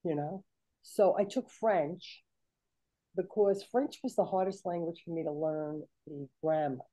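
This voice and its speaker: An older woman with a very dark, mellow voice and a slightly low pitch. She tells her stories in a lively, chatty way and acts out the people she quotes. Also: unhurried, low-quality recording. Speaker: guest. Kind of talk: casual storytelling chat.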